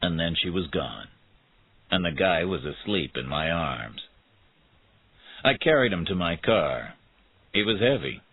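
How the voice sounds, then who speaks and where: A man narrating a graded-reader detective story in a steady, measured way. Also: deep voice, husky. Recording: tinny phone-like sound.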